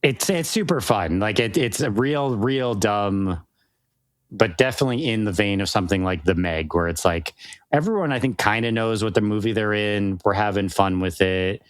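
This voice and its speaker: A man's voice: on the low side, moderate pace, no room sound. A man co-hosting a podcast, chatting casually and enthusiastically, rambling with many restarts and fillers. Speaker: podcast co-host. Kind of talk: casual chat.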